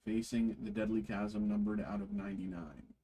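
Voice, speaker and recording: A man hosting a trading card break, reading card names aloud slowly with frequent fillers. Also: on the low side, very animated, dark tone, a little hiss or hum, poor audio.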